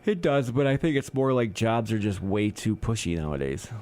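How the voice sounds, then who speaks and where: Man, radio co-host, casual chat, slightly low voice, very lively pitch, acts out other people's lines. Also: normal speed. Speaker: co-host of a community radio talk show.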